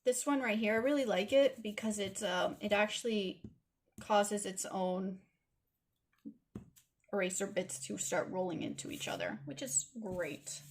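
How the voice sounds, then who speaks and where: A woman's voice: medium pitch, unhurried. A woman with a Toronto Canadian accent hosting a casual drawing tutorial, chatting and apologizing in asides while she inks. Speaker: art tutorial host.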